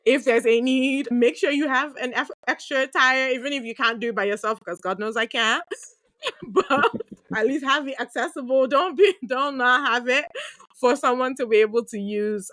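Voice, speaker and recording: A woman's voice: fairly high pitch, normal speed, no room sound. A woman in her thirties, a podcast host, telling candid stories in a chatty way, laughing often and filling her talk with asides. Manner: lively, chatty, laughs often, many fillers. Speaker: podcast host answering listener questions. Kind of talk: candid conversational storytelling.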